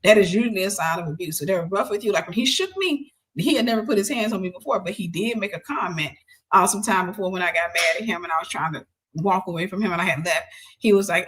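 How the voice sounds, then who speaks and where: A woman host telling a personal story in a casual, animated way, switching into other people's voices when she quotes them and sometimes dropping to a soft near-whisper. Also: lowish voice, fast.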